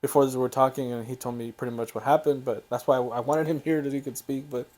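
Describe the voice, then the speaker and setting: Brief: young male podcast host, halting emotional storyteller, speaking softly. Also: medium pitch, fairly even intonation. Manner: halting, emotional, soft-spoken.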